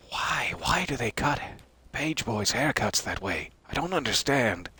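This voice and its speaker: A man's voice: medium pitch, big pitch swings, measured pace, bright, forceful tone, breathy edge. A male streamer doing let's-play commentary with puns and dry, sarcastic asides.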